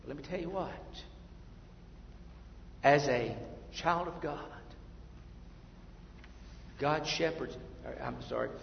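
A man preaching a sermon as pastor, swinging between hushed, drawn-out asides and emphatic, rising swells. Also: on the high side, vocal fry, slight background noise. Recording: echoey hall, slightly dull sound.

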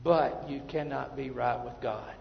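A male pastor preaching a sermon, emphatic, then dropping to quiet asides. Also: mid-range voice, fairly even intonation, measured pace, gravelly, slight background noise. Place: church sanctuary. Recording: muffled, echoey church hall.

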